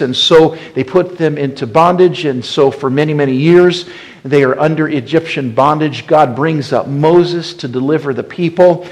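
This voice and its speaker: A man preaching a sermon as pastor, swinging from loud emphatic bursts to hushed, quiet passages. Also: on the high side, poor audio.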